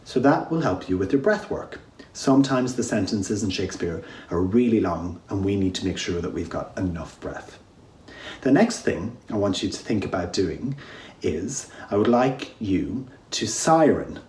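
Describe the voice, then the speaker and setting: A man teaching a home drama lesson, guiding listeners step by step through voice warm-ups and breathing exercises. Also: on the low side, animated, moderate pace, a little hiss or hum. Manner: encouraging, gives step-by-step instructions. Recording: echoey room.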